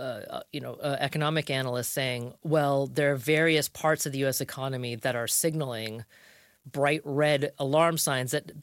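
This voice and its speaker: A woman hosting a public radio interview show, introducing guests and asking quick, lively questions with frequent restarts. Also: deep voice, dry recording, studio quality.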